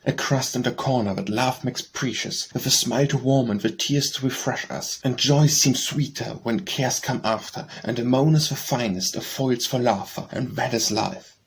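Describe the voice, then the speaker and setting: Gravelly man reading poems aloud. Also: medium pitch, a little hiss or hum. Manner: measured, announces each title and author. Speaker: audiobook reader. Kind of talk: poetry reading.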